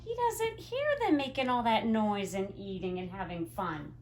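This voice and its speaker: A woman teacher reading a picture book aloud to young children, gently explaining words as she goes. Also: mid-range voice, very animated, a little slow, hardly any pauses, slight background noise. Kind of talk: storybook read-aloud to children.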